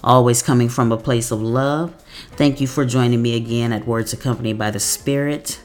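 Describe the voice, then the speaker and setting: A woman giving a devotional message, reading scripture verses slowly and deliberately. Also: extremely low pitch, fairly even intonation, darkish tone, faint music behind. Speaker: devotional speaker.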